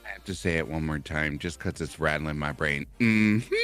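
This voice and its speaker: A man's voice: very deep voice, normal speed, fairly bright tone, faint music behind. A man chatting as a guest on a casual stream, exasperated and self-mocking, groaning often. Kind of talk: casual chat.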